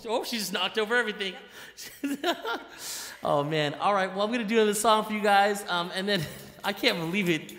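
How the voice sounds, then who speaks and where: Bright excited man on a live stream. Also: high voice, brisk, reverberant, long reverb tail. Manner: animated, laughing, repeats himself. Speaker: live-stream musician host.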